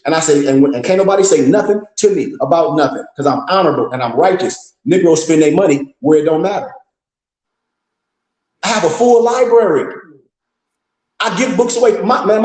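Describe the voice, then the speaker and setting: The teacher's voice is high-pitched and brisk with a darkish tone as he preaches at a group. Expect bluntness, scolding, profanity and plenty of rhetorical questions, all captured in an echoey room.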